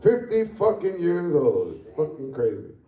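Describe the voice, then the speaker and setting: A fifty-year-old man doing stand-up, rambling and cursing freely in a slightly high voice with a mellow, relaxed tone. He is heard from away from the mic in an echoey room. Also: unhurried, recorded from a distance. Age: 50s. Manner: profane, rambling, conversational. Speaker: stand-up comedian. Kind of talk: stand-up comedy set.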